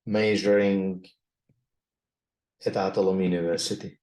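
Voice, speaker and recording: Slow-speaking Turkish lecturer. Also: male voice, sits low, little pitch movement, a little mellow. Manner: slow, repetitive, reading out numbers. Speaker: university lecturer. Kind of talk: classroom statistics lecture. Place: classroom. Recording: echoey classroom.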